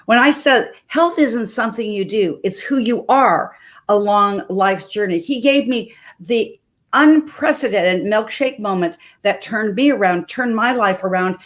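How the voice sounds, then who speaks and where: An older woman from Montana hosts a live online health show. She introduces her guest with expressive, emphatic storytelling. Her pace speeds up and slows down as she talks, and her voice sits at a middle pitch. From Montana, USA. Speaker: health coach and show host.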